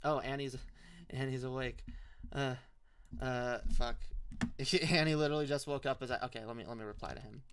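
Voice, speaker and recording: A man's voice: medium pitch, fairly even intonation, moderate pace, a bit bright, smooth. A young man hosting a live stream with call-ins, chatting casually with loose slang, swearing and many restarts.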